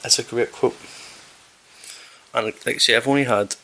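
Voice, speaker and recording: A man's voice: medium pitch, fairly even intonation, normal speed, sharp tone, slight background noise. A man from West Belfast with a Northern Irish accent, chatting casually and profanely as a podcast host, rambling and restarting his sentences. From West Belfast, Northern Ireland. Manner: rambling and profane, self-correcting, with repeated restarts. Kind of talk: casual chat.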